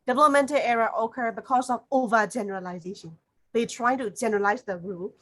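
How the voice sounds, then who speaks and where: Higher-voiced woman teaching an online class. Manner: explains slowly with many fillers. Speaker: teacher trainer.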